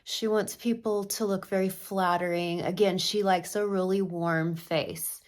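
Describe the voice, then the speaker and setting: A woman's voice: mid-range voice, fairly even intonation, measured pace. A middle-aged woman chatting through a makeup tutorial as a makeup artist, opinionated and talking while she works.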